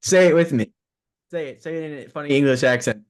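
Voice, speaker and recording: A man's voice: fairly high pitch, fast talker, clear, resonant tone. A young man co-hosting a podcast over a remote call, chatting casually and teasing playfully. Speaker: podcast co-host. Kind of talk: casual chat.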